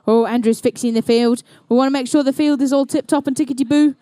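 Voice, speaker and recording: A woman with a New Zealand accent and a high, bright-toned voice calls a robotics match live, playful and chatty. She tosses jokey asides to the teams between counts and scores. The sound is close and dry, with little room echo. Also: steady tone, fast talker. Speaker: event commentator and emcee. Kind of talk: live competition commentary. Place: indoor competition venue.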